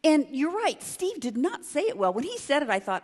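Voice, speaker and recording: A woman giving a conference talk as a leadership consultant, telling a story in an emphatic, conversational way with quick asides to the audience. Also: high-pitched, big pitch swings. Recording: long reverb of a large hall.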